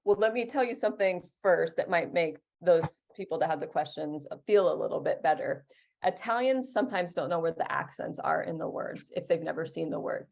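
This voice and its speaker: A woman teacher answering interview questions in a relaxed, chatty way. Her voice sits low and has a gravelly edge. She talks with plenty of fillers and restarts. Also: brisk. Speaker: Italian teacher, guest.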